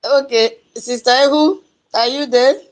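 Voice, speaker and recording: A woman's voice: sits high, fairly even intonation, measured pace, soft background music. A woman moderating an online audio room, chatty and teasing. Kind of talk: casual moderating.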